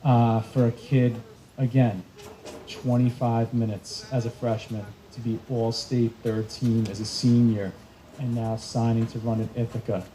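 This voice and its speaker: A man's voice: mid-range voice, level tone, unhurried, dark tone, a little hiss or hum, poor audio. A man coach giving an earnest ceremony speech, proudly praising an athlete.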